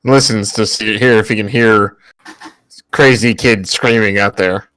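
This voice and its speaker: A man's voice: on the low side, fairly even intonation, measured pace, fairly bright tone. A man playing a tabletop role-playing game, describing his character's moves in a hesitant, casual way. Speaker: player.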